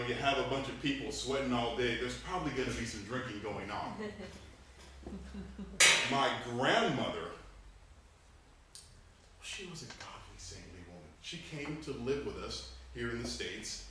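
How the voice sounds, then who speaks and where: A man in his thirties, from Panama, giving an animated humorous speech to a club, laughing between lines. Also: mid-range voice, unhurried, long pauses. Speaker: club speaker. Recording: echoey room, distant mic, faint noise.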